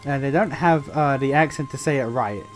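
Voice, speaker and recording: A man's voice: medium pitch, normal speed, faint music behind. A British man giving casual gameplay commentary. He rambles, laughs often, and swears. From Britain. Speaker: streamer.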